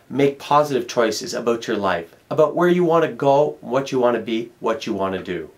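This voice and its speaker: A middle-aged man, a motivational speaker, giving an emphatic self-help talk and repeating key words for effect. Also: mid-range voice. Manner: storytelling.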